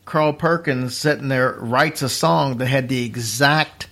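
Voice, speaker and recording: A man hosting a podcast, telling a story in a casual, rambling way, restarting his sentences and speeding up and slowing down as he goes. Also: mid-range voice, a bit bright. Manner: rambling, chatty, restarts sentences, uneven pace.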